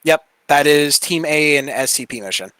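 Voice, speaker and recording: A man's voice: fairly high pitch, normal speed, fairly bright tone, smooth, no echo, low-quality recording. A man playing a tabletop game, thinking aloud with hesitations as he decides his moves. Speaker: player.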